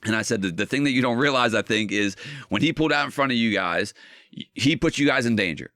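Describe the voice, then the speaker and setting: A man's voice: mid-range voice, no echo, studio quality. A man hosting a podcast in casual chat, telling stories with lots of restarts and swearing. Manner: animated storytelling, swearing, quick restarts. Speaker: podcast host.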